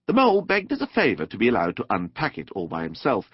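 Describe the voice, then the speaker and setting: A man narrating a children's storybook audiobook in an expressive, playful, animated way. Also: lowish voice, fast talker, breathy edge, no room sound. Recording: dull dry studio recording.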